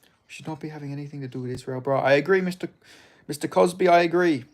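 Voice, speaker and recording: A man's voice: a little high, fast talker. An Australian man streaming and reading chat aloud, with blunt, profane, laid-back banter. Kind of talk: casual livestream chat.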